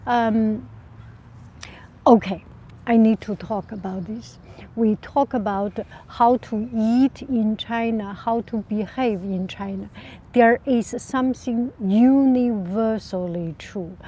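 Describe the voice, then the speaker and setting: A woman's voice: fairly high pitch, slow pace, warm tone. A middle-aged woman hosting a live chat, answering viewer questions in an earnest, reflective way, often repeating and rephrasing her words. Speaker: livestream host.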